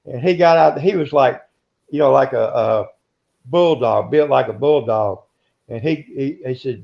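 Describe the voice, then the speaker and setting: An older man in an interview, telling rambling stories in a gruff, self-interrupting way. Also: medium pitch, moderate pace. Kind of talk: casual storytelling. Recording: dull lo-fi recording.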